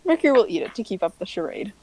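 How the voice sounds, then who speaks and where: A woman's voice: mid-range voice, very animated, very fast, gravelly, warm tone, rough recording. Playful woman playing a tabletop game. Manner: playful, giggly. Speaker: player.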